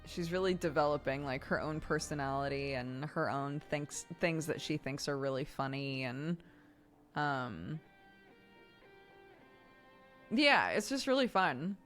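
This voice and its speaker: Chatty woman streamer, lowish voice. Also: lively intonation, moderate pace, faint music behind. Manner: chatty, laughs often, warm storytelling. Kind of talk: casual chat on stream.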